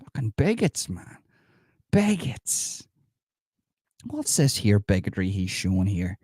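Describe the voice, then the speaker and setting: A man's voice: fairly low pitch, very animated, slow pace, warm tone, husky, dry recording, clean studio sound, exaggerated voice. A man doing a sarcastic impression of a smug, mock-outraged politician, mocking comments in a live stream. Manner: sarcastic, mocking, reads comments and scoffs at them.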